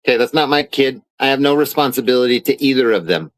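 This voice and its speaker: A man's voice: medium pitch, animated, fast talker, no room sound. A man ranting angrily in a vlog, heated, profane and sarcastic. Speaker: vlogger. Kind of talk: angry rant reading out documents.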